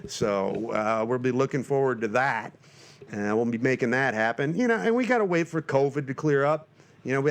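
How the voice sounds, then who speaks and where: A man's voice: on the high side, a bit bright. A man hosting his own podcast, talking in a jokey, rambling, self-deprecating way in a casual monologue. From Northern Michigan. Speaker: podcast host.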